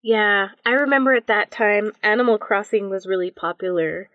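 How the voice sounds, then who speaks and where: A woman in her thirties chats casually as a podcast co-host and tosses in friendly, quick asides. The recording is dry and dull, with a lo-fi sound. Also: mid-range voice, no room sound. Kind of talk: casual chat. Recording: dull lo-fi audio.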